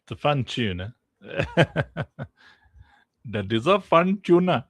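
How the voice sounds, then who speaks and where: A man hosting a casual live stream in a goofy way, jumping into silly squeaky voices and laughing as he chats with his community. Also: sing-song, takes it slowly, no echo.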